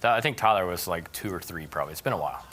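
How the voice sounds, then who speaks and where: A man's voice: low voice, lively intonation, rapid-fire, fairly bright tone. A man co-hosting a morning TV show, chatting casually and agreeably in the studio. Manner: brief agreeable replies.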